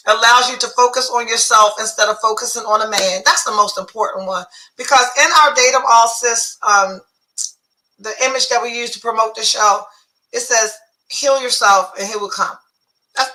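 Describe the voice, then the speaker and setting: High-voiced, bright woman podcast host. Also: fairly even intonation, normal speed, rough recording. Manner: blunt and profane, reading through a list. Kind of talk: casual chat.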